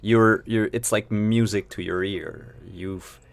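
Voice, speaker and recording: A man's voice: lowish voice, steady tone, slow pace, vocal fry. A man narrating as game master of a streamed tabletop game, casual and rambling with fillers.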